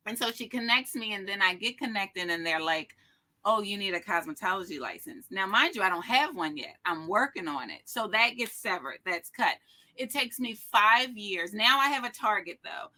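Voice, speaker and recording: Woman, middle-aged, motivational speaker, bright voice, energetic, expressive storytelling. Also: medium pitch, moderate pace. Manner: energetic, expressive, acts out dialogue.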